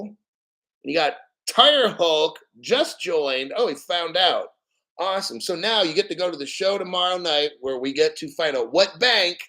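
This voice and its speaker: A man in his fifties hosts a crypto livestream. His voice sits a bit high for a man, and his talk is loose, profane and full of tangents. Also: a bit bright. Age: 50s. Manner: rambling, profane, storytelling. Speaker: crypto channel host. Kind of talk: casual livestream commentary.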